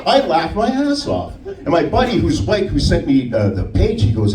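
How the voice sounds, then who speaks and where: Animated male stand-up comic, roomy club. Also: on the high side, moderate pace, noisy background. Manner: animated storytelling with put-on voices. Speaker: stand-up comedian. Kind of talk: stand-up comedy set. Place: comedy club stage. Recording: roomy club sound from a distance.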